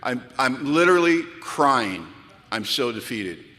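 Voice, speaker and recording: A man speaking at a recovery retreat, telling animated, self-mocking stories to a crowd. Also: mid-range voice, unhurried. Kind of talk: storytelling talk at a retreat. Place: large event hall. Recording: long hall reverb from a large venue.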